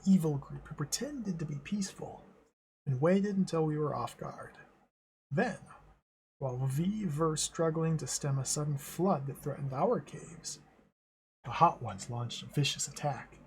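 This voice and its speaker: A man's voice: on the high side, a little mellow, a little hiss or hum, lightly acted. A man reading as an imperious ice queen.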